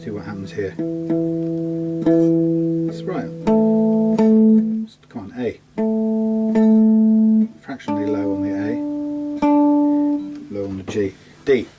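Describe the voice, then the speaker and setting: A man with a lowish voice talks casually as he works on a guitar, muttering half-finished remarks to himself. Plucked guitar notes ring out clearly behind him. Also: fairly even intonation, slow pace, pauses often, poor audio. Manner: chatty, mutters to himself mid-task, trails off. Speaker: guitar technician vlogger. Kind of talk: casual talk while working. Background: guitar being played and tuned.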